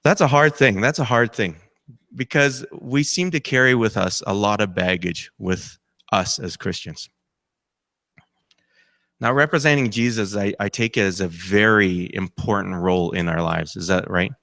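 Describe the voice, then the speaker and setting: A man's voice: fairly low pitch, moderate pace, fairly bright tone, no echo, clean studio sound. A man preaching as a campus chaplain, talking with the congregation and asking them questions. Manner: conversational, asks the congregation questions; acts out quoted voices. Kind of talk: sermon.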